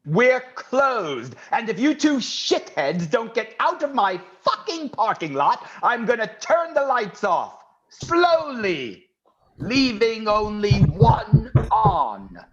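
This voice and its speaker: A sneering, foul-mouthed fast-food worker, as a man puts him on with a shaky fake English accent. The voice sits fairly high and leaps around in pitch, and the sound is dull and muffled like a video call. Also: big pitch swings, full character voice. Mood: threatening. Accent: bad put-on English accent. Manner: swearing, threatening, drawn-out menace.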